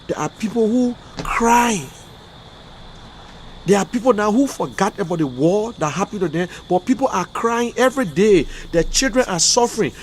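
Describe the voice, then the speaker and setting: On his online talk show, a man from Liberia with a Liberian English accent delivers impassioned livestream commentary, emotional and fiery, with repeated outbursts. His voice is high with lively intonation at normal speed, and a little hiss or hum is audible.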